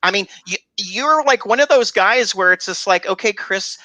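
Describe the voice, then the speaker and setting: A man hosting a radio interview, talking haltingly with many restarts and warm praise for his guest. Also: high voice, lively intonation, dry recording. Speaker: host. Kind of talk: casual interview chat.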